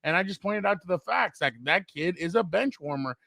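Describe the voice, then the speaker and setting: A man from the United States co-hosting a casual sports chat, telling animated stories and acting out what people said. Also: high-pitched, a little fast, creaky, no room sound, studio quality. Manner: animated storyteller acting out quotes. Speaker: co-host.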